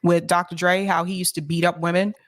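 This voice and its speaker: A woman's voice: lowish voice, level tone, fairly quick, dry recording, clean studio sound. A woman co-hosting a casual chat show, playful and doing impressions of colleagues. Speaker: co-host.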